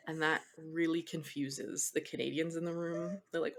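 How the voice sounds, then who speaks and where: A woman co-hosts a podcast in easy, chatty talk. Her voice sits low and carries a husky edge. She laughs readily and drifts into explanations between jokes. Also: moderate pace. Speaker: podcast co-host. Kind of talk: casual chat.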